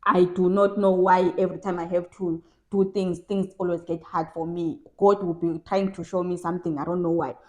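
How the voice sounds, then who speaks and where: A woman's voice: lowish voice, little pitch movement, moderate pace, few pauses, dark tone. A young woman from South Africa giving casual advice in a vlog, emphatic and repeating phrases for stress. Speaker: vlogger.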